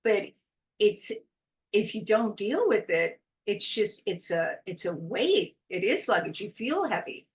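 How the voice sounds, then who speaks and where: Expressive woman chatting as a guest. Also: medium pitch, measured pace, slight background noise. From California. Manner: expressive, animated, laughs often. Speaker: podcast guest, intuitive guide. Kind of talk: casual interview chat.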